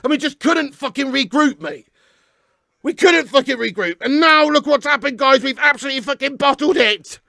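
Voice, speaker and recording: A young Englishman rants furiously into the camera, swearing constantly and breaking into shouts. His voice sits very high and strained, with a gravelly, crackling edge and a bright, sharp tone. The sound is dry and close. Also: expressive, moderate pace, no echo. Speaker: fan reaction host. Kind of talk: ranting reaction video.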